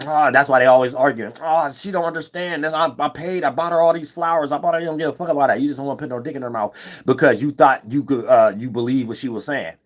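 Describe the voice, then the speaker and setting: A man giving a rambling, profane, unscripted monologue, full of restarts and the repeated tag "you know what I'm saying", with sudden jumps up in pitch and loudness. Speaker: vlogger.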